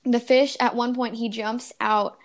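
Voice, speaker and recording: Young woman, podcast co-host, casual chat, rambling delivery, slightly high voice. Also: level tone, a little slow. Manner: rambling storyteller, many fillers and laughs.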